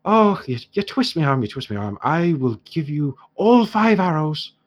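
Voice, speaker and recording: A man's voice: very animated, moderate pace. A man doing a haggling Irish-accented dwarf shopkeeper. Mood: mock-offended. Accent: put-on Irish. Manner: wheedling, exaggerated sales patter with pitch leaps. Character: haggling male dwarf shopkeeper, greedy, theatrical.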